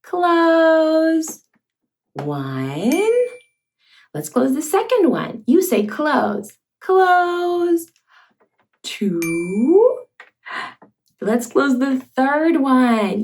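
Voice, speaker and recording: Young female kids' host: high, very animated, drawn-out sing-song delivery with playful animal sounds. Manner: slow, exaggerated, sing-song talk to toddlers. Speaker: children's educational host. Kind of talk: toddler teaching video.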